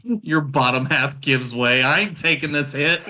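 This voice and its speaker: A man's voice: fairly high pitch, a little slow, pushed and bright, rough recording. A man narrating as game master of a tabletop game, often laughing as he describes the action.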